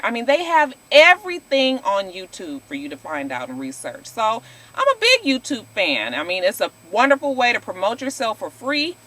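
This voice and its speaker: A woman, talking high and bright with a lively pitch that swoops up and down. She recaps a reality show straight to her viewers, sassy and blunt, calling them y'all and swearing without a second thought. Her tone stays casual and opinionated throughout. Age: 40s.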